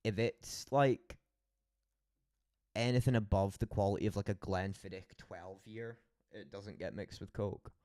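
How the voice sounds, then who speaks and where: A young man with a Scottish accent talks in a lowish voice, telling loose, sweary stories for his stream. The sound is dry and close. He drifts from one tale to the next with plenty of laughs. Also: steady tone, unhurried, a little mellow, no room sound. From Scotland. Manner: rambling, swearing storyteller with frequent laughs. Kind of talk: casual late-night stream chat.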